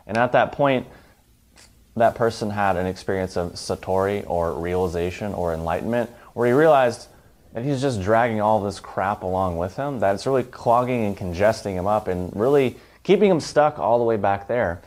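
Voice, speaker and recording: A low-voiced man giving a self-help talk, emphatic and stacking long lists of examples. His delivery is steady, with the rhythm of a motivational lecture. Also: moderate pace.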